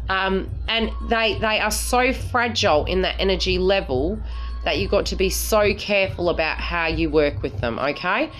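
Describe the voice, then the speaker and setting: A woman's voice: medium pitch, a bit bright. A woman psychic reader talking casually to her viewers, blunt and frank, swearing and often asking "right?" to check they follow. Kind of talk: casual spiritual talk to viewers.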